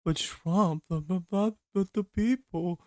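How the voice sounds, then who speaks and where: A man mimicking a high, pleading female politician. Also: slow, a little mellow, no echo. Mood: plaintive. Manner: high, whiny, plaintive. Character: pleading female politician, earnest and tearful-sounding.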